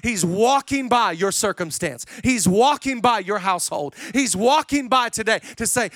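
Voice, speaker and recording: High, bright male preacher, lively and chatty, dry close sound. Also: moderate pace, few pauses, no echo. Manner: energetic, conversational storytelling. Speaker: pastor. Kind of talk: sermon.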